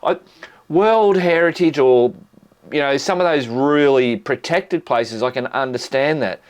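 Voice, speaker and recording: A man's voice: mid-range voice, measured pace, clean tone. A middle-aged Australian man hosting a motorcycle vlog, chatting in a blokey way with plenty of swearing, ums and uhs. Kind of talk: casual vlog chat.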